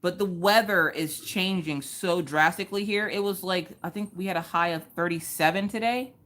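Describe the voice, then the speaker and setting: Woman, 30s, livestream craft host; lower voice, chatty storyteller. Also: moderate pace, fairly bright tone. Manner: chatty, storytelling, joking asides to chat. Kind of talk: casual chat while diamond painting.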